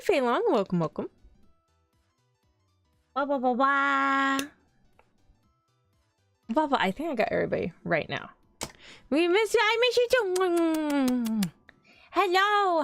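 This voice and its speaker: A woman's voice: on the high side, no echo. Bubbly young woman streamer, chatty. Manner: bubbly, chatty, greets viewers and tells stories. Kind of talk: casual livestream chat.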